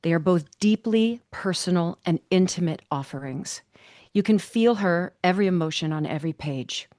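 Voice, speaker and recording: A woman hosting a podcast, reading a heartfelt guest introduction and chatting expressively, with emphatic upward swings when excited. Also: fairly low pitch, normal speed, no room sound, clean studio sound. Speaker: podcast host. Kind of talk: scripted introduction and casual interview chat.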